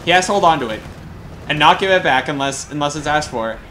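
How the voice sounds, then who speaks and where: A young man from Colorado, a game caster telling rambling, excited stories between plays in casual chat, with frequent swearing. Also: a little high, fast, a little hiss or hum. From Colorado, USA. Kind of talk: casual storytelling during a game broadcast.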